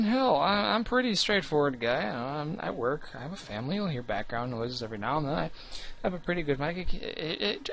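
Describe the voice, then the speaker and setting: A young man with a slightly high voice, talking casually about his gaming channel. He rambles, restarts often and puts himself down. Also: fairly bright tone, slight background noise. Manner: rambling, restarts often, earnest and self-deprecating.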